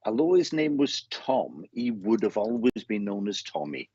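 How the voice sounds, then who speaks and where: A middle-aged Welsh man with a low, husky voice hosts a live mediumship session, greeting people one after another in a chatty way. The sound is dry and a little dull. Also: very animated, moderate pace, mellow, dry recording. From Wales.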